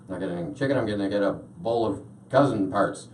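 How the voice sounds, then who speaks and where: A young man doing a stand-up routine in a comedy club, deadpan, with lots of "uh" fillers. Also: on the low side, quick pace, a little hiss or hum. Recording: roomy club sound from a distance.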